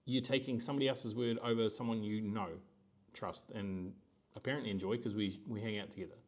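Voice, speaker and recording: A man's voice: on the low side, fairly even intonation, fairly quick. A middle-aged man hosting a live-stream, talking casually and animatedly, slipping into quoted voices. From New Zealand. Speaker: host.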